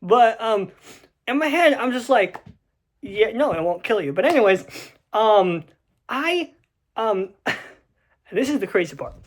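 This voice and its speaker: A man's voice: sits high, big pitch swings, measured pace, long pauses, slight background noise. A young adult man casually telling a personal story to camera, rambling with many restarts and fillers.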